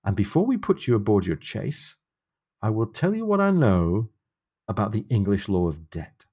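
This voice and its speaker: A man reading as a measured, formal ship's physician. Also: fairly low pitch, sing-song, dark tone. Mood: earnest. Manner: measured, formal and old-fashioned in phrasing. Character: reserved deliberate male ship's physician. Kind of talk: reading a novel passage aloud.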